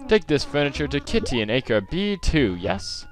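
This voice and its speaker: A bossy raccoon shopkeeper, as a man puts him on talks in a hammy, poor British accent. His pitch swings widely and the delivery is theatrical. He hands out orders like a pushy boss. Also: sing-song, moderate pace, faint music behind. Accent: poor put-on British accent.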